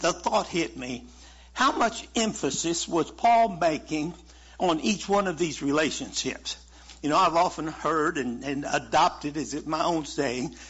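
A man's voice: fairly high pitch, a bit bright, breathy edge. A man preaching a sermon in a folksy, conversational way, chuckling now and then. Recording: muffled lo-fi sermon recording.

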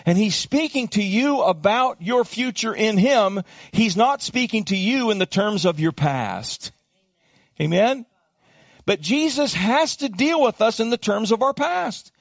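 A man's voice: high voice, expressive, a little slow, dry recording, lo-fi sound. A male pastor preaching a sermon, dramatic, acting out voices and calling for congregation responses.

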